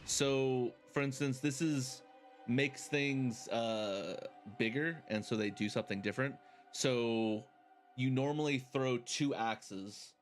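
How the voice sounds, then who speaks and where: A man giving casual, chatty commentary while playing a video game, thinking aloud and laughing often. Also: lowish voice. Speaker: game streamer. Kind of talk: casual let's-play commentary.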